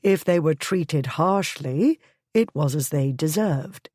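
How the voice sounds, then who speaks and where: A woman narrates a novel in a slow, measured, even voice. Her tone is fairly low and mellow, recorded close and dry. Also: no room sound. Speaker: audiobook narrator. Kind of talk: scripted narration.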